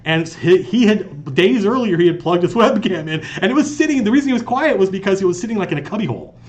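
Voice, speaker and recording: This man's voice sits high and he speaks fast, hosting a live stream as game master in an office conference room. Casual and animated, he rambles through stories with lots of restarts, captured on a lapel mic.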